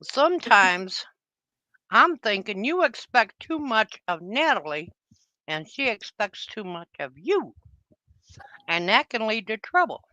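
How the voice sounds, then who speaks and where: A woman's voice: mid-range voice, big pitch swings, measured pace, pushed and bright, dry recording. An older woman on a live audio chat panel, giving blunt, motherly advice and scolding in casual talk. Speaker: panel member. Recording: dull lo-fi stream audio.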